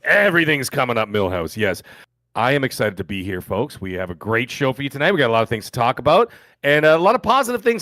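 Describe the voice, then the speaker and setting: A middle-aged man from Canada rattles along quickly as a podcast co-host. His talk is chatty and jokey, full of stories. The sound is dry and close, with no room around it. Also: fairly high pitch, a bit bright, dry recording. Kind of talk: casual podcast chat.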